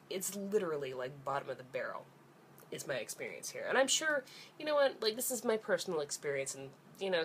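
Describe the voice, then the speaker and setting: Low-voiced woman ranting. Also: a little hiss or hum. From Canada. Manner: angry, profane, sarcastic. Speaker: vlogger. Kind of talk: ranting vlog monologue.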